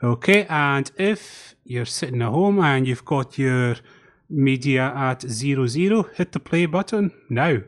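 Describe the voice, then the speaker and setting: A man hosts a casual podcast commentary over an online call, steering the group. His mid-range voice is animated and his pace measured. He's chatty, organizing the talk and guiding the others.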